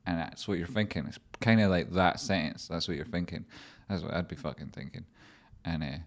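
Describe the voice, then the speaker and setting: A young man hosts a casual livestream, talking in a low register. He rambles from thought to thought, joking and swearing freely. His voice stays deep throughout, with the loose, unscripted flow of live chat. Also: a little fast. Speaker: livestream host.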